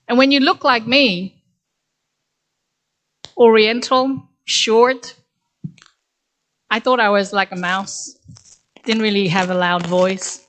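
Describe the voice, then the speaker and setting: A woman's voice: mid-range voice, a bit bright. Woman, middle-aged, from Korea, graduation speaker, candid storytelling, conversational. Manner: conversational, candid, with frequent "actually". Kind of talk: ceremonial speech, personal storytelling.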